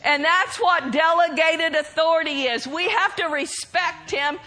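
A woman preacher delivering a sermon, bold and emphatic, breaking into shouted declarations. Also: extremely high pitch, a little slow.

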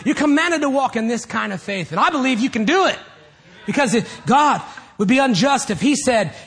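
A man preaching a sermon as pastor, animated and rising to loud shouts at times. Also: high voice, normal speed, vocal fry, breathy edge.

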